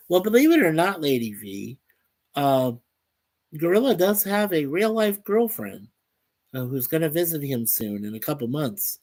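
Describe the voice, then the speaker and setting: A man hosting a casual live stream, reading viewer comments aloud in an unhurried way and chuckling often. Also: a little high, a little mellow. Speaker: livestream host reading chat.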